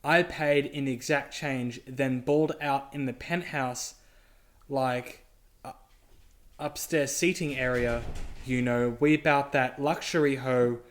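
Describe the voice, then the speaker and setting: A man's voice: medium pitch, lightly acted. A man voicing a crude, swaggering online reviewer, reading word after word in his plain speaking voice. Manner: flat slow reading in a plain voice.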